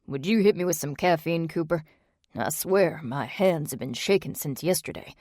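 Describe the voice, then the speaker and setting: A woman reading the lines of an unsettled middle-aged man in a bible study group, speaking softly. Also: fairly high pitch, expressive, normal speed, no echo, studio quality, lightly acted. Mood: shaken. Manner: soft, unsettled.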